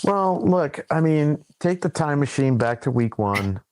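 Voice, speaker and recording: A man's voice: fairly high pitch, expressive, unhurried, noisy background. A man co-hosting a podcast in casual chat, telling a rambling, loose story. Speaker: podcast co-host.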